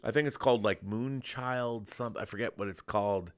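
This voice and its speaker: Enthusiastic low-voiced man gushing about films. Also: moderate pace, clear, resonant tone. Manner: enthusiastic, rambling with restarts. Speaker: podcast host. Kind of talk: casual film chat.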